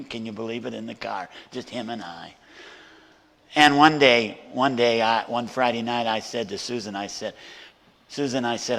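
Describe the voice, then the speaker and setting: Older man, preacher, storytelling sermon, gravelly, echoing hall. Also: mid-range voice, a little hiss or hum. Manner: animated storyteller acting out voices. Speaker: guest preacher. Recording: hall reverb.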